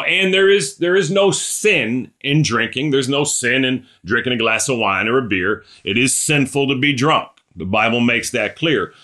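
A man's voice: medium pitch, pushed and bright. A man leading a small Bible study, reading scripture aloud and explaining it in a conversational way, often checking in with his listeners. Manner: talks things through, often checks in with "right?".

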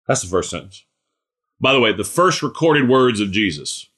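A man preaching a relaxed, conversational sermon. He keeps checking in with the congregation and calls on listeners by name. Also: fairly low pitch, moderate pace. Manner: chatty, asks listeners questions by name; animated, acts out scripture characters. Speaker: pastor.

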